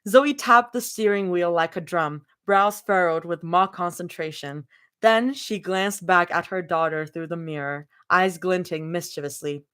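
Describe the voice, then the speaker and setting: A woman's voice: on the low side, measured pace, fairly bright tone, clean tone. A woman cold-reading fanfiction live, breaking off into giggly, chatty asides. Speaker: fanfiction reader.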